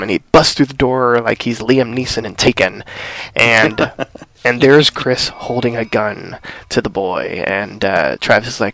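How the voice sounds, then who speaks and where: A man's voice: fairly low pitch, moderate pace, gravelly, dry recording. A man co-hosting a casual podcast, retelling a TV episode and acting out the characters' lines. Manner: animated retelling, acting out dialogue. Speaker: podcast co-host. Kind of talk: casual recap chat.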